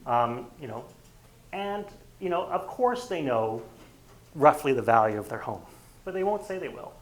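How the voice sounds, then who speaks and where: A man's voice: medium pitch, very animated, moderate pace, poor audio. A man leading a real estate training session, talking casually and often acting out bits of dialogue. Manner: conversational, acts out quoted dialogue. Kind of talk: workshop lecture.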